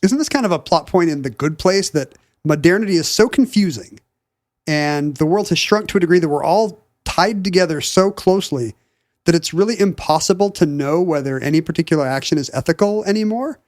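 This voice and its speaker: A man's voice: a little high, expressive, a little fast, darkish tone, dry recording. Wry man, dry close sound. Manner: wry, bookish, riffing. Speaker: podcast co-host. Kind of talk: casual chat.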